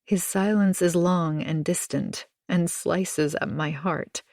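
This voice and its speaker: A woman narrating an audiobook in a measured, hushed first-person telling. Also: lowish voice, vocal fry, no echo, clean studio sound. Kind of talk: scripted narration.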